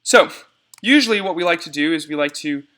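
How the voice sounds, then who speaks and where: A man's voice: a little high, animated, fairly quick, pushed and bright. A young man giving a casual step-by-step screencast tutorial on cutting debate cards, talking to viewers as y'all.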